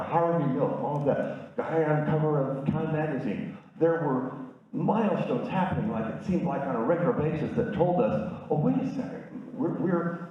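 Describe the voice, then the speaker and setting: Speaker in his 60s, self-mocking storyteller, roomy distant sound. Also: medium pitch. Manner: candid, self-deprecating humor. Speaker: speaker at a community event. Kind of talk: personal storytelling talk with slides. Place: community event room. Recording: echoey, distant, dull room sound.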